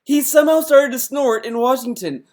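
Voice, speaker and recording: A man's voice: very high-pitched, moderate pace, a little mellow. A man giving casual reaction commentary on clips he plays, rambling and restarting his sentences. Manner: rambling, many restarts and fillers. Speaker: commentary youtuber.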